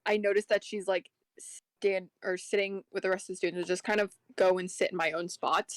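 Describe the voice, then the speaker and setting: A woman's voice: medium pitch, fairly even intonation, brisk, dry recording. A woman playing a tabletop game, describing her character's moves in a hesitant, self-deprecating way. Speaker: player.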